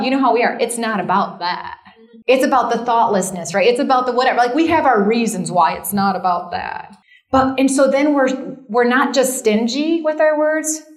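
A middle-aged woman giving a conversational sermon at a camp meeting, chatty and self-deprecating, full of asides and "right?". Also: on the high side.

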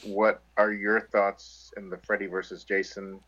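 Podcast co-host: man with a low, husky voice, chatty and wry, recorded dry and a bit dull. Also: little pitch movement, measured pace, fairly bright tone, no echo. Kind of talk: casual chat.

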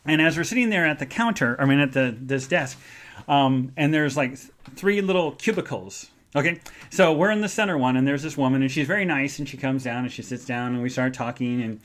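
A man's voice: medium pitch, a little fast, a bit bright. A man hosting a live podcast show, telling a rambling story in a chatty way with lots of fillers. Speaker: podcast host.

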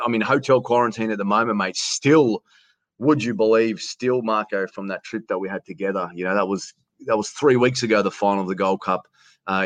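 This is an Australian man with a lowish voice, talking casually as a podcast guest. He rambles, repeats himself and keeps saying mate. The sound is close and dry. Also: fairly bright tone, no room sound. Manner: rambling, repeats words, says mate often. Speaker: stadium announcer, guest. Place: hotel quarantine room.

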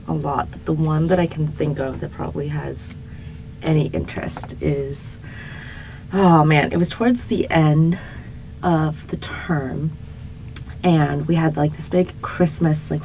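A young woman with a slightly low voice tells a story in easy podcast chat. She is animated and laughs often, with fillers everywhere. A faint background hiss sits under the recording. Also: measured pace, vocal fry, low-quality recording. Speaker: podcast co-host.

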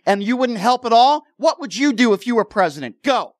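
A man's voice: extremely high pitch, lively intonation, brisk, dry recording, studio quality. A male radio talk show host arguing with a caller on air. He is combative, cuts in, and repeats himself to hold the floor. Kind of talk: heated call-in radio argument. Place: radio studio. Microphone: studio microphone.

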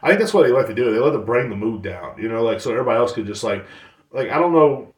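A man's voice: medium pitch, expressive, quick pace. A man hosting a podcast, ranting casually in a rambling, profane way with many restarts. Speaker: podcast host. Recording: roomy sound, distant from mic.

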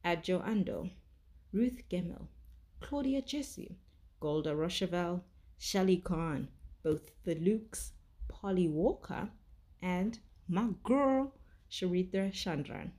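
A young woman reviewing a TV show in casual chat, chatty and effusive, with many "like"s and a gravelly voice. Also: lowish voice, animated, slow pace, dark tone.

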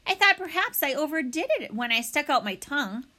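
A woman's voice: high-pitched, sing-song, brisk, bright, forceful tone, pitched above the performer's own voice, exaggerated voice. A woman voicing a theatrical female opossum who is proud of her acting, talking in a dramatic, self-assured way.

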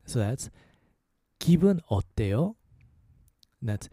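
A man hosting a casual spoken language lesson, saying each phrase slowly and repeating it several times. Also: medium pitch, big pitch swings, dark tone, no echo, clean studio sound. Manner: slow, repeated demonstration of phrases. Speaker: language teacher, podcast host.

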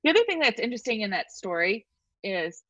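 A woman's voice: mid-range voice, sing-song, quick pace, bright, forceful tone, no echo. A woman co-hosting a casual podcast chat, talking in an emphatic, reflective way.

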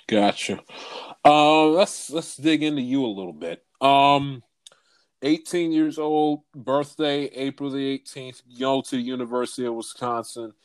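A man's voice: mid-range voice, fairly even intonation, measured pace, clean tone, dry recording. A man interviewing a guest, asking casual questions and often stumbling over repeated words.

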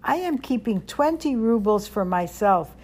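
A woman's voice: a little high, animated, measured pace, darkish tone. A woman voicing a kind, humble, poor male rabbi in a storybook reading, earnest and eager to help.

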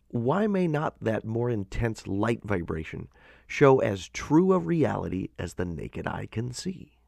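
A man narrating a devotional audiobook in a measured, expressive way with earnest emphasis. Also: medium pitch, vocal fry, no echo.

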